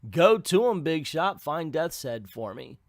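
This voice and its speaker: A sinister, all-powerful sorceress speaks coldly and gives commands, as a man puts her on while reading. The pitch sits slightly above his own voice. It sounds close and dry. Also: sing-song, measured pace, no room sound. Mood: commanding.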